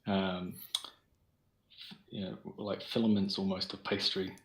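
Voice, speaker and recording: A man's voice: deep voice, little pitch movement, a little slow. A man with a New Zealand accent playing a tabletop game casually, unsure and trailing off as he works out his rolls. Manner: hesitant, trailing off mid-sentence. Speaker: player. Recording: echoey room.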